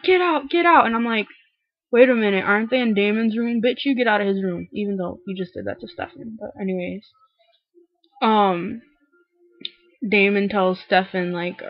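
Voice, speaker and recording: A young woman talks through a TV episode in a loose, gushing ramble, peppering every line with "like" and slipping into quick impressions of the characters. She sits close to a cheap built-in mic, so her voice comes across dry and a little muffled. Her pitch is middling for a woman. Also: no echo. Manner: gushing, heavy use of "like", acts out characters' lines. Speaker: TV recap vlogger. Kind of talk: casual chatty recap. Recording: dry dull lo-fi webcam audio.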